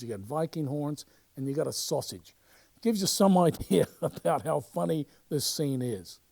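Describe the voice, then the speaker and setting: A man who chronicles a local theatre society narrates over footage of a show, his voice pitched fairly high. He talks in a chatty, halting way, full of fillers and restarts, and perks up whenever he's telling a story.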